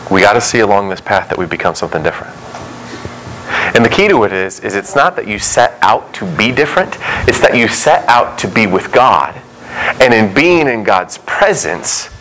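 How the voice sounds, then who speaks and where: A young man preaching a sermon in a low-ish voice, relaxed and conversational rather than grand. He slips into little acted-out quotes and back-and-forth dialogue as he talks. A faint room hum sits behind him. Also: poor audio. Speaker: pastor.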